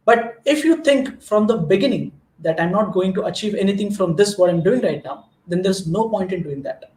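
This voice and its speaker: An Indian man, a native Marathi speaker, delivers an earnest motivational talk and often restarts his sentences as he goes. His voice sits high for a man. The recording has a roomy, echoing sound. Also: expressive, moderate pace, a little mellow. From Maharashtra, India. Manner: earnest, storytelling, frequent restarts. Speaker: guest speaker.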